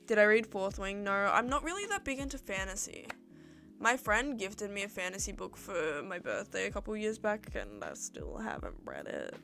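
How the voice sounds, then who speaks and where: A woman's voice: medium pitch, big pitch swings, moderate pace, creaky, a bit bright, soft background music. A young Australian woman chatting casually on a livestream, answering viewer questions in a rambling way and acting out little exchanges with her friends.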